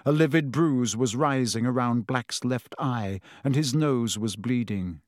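A man reading a fantasy novel aloud in measured, dramatic audiobook narration. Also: mid-range voice, no room sound, clean studio sound.

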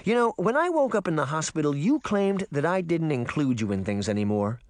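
A man's voice: on the high side, very animated, fairly quick, no echo, clean studio sound, pitched above the performer's own voice. A man voicing an angry, defiant girl in an audiobook reading, speaking in a raised, indignant voice. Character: angry defiant girl heroine, sharp-tongued.

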